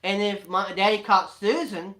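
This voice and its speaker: A man, telling homestead stories in a casual, animated, laughing way. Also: sits high, moderate pace. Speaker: family homesteader, co-host. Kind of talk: casual storytelling chat.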